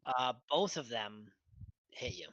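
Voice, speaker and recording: A man's voice: mid-range voice, very animated, takes it slowly, fairly bright tone, dry recording, muffled recording. A man narrating as game master of a tabletop game, hesitant and full of fillers.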